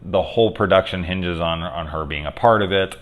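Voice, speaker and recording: Man, deep voice, casual spoiler movie review, rambling, swears a lot. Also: brisk, narrow, tinny audio. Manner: rambling, profane, many fillers.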